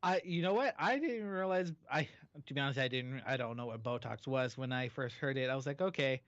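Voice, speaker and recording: A man's voice: medium pitch, a little fast, a bit bright, dry recording, lo-fi sound. A man co-hosting a radio show, chatting casually and hesitantly, often trailing off with fillers. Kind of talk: casual chat.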